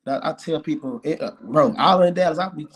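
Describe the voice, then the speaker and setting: A man with a fairly high voice, hosting a podcast in an easygoing, slang-heavy manner. He agrees readily and keeps the talk relaxed. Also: brisk. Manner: laid-back, slangy, agreeable. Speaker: podcast host. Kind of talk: casual podcast conversation.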